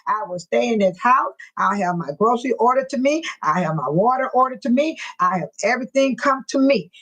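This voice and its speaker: A woman with a husky, slightly breathy voice chats loosely on a live stream. She laughs often, teases her viewers and greets them by name. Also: on the high side, fairly quick, rough recording. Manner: laughs often, teasing and excitable. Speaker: livestream host reading viewer comments. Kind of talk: casual live-stream chat.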